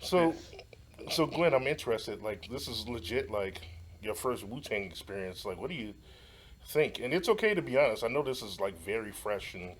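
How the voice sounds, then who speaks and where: A man hosting a casual chat, relaxed and full of fillers, asking his guests questions in a media studio. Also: on the low side, moderate pace, husky. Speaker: host.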